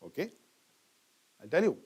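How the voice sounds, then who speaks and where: A man's voice: moderate pace, a little mellow, slight background noise. A middle-aged man, teaching a grammar lesson and asking the class questions that he then answers himself, leaning hard on key words. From India.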